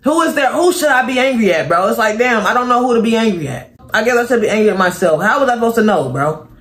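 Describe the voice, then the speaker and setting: Young male reaction host, high voice, exasperated casual riffing at a home mic. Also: fast talker. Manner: animated, exasperated, tosses in "bro" constantly.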